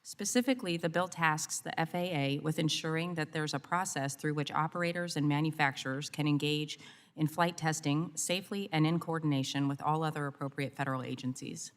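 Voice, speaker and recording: A woman with a low voice reads a prepared statement at a committee markup. She speaks in a measured, formal way. Her voice carries a long reverb from a large hearing room. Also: steady tone. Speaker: committee member.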